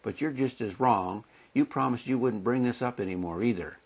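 Brief: man voicing an irritated wife in a teaching skit, gravelly, muffled old recording. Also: moderate pace, darkish tone. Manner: read aloud from a script, mildly raised pitch. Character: exasperated wife in a scripted quarrel.

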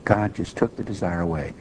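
A man's voice: low-pitched, moderate pace, background noise. A man giving an earnest personal testimony in a sermon, telling his story plainly.

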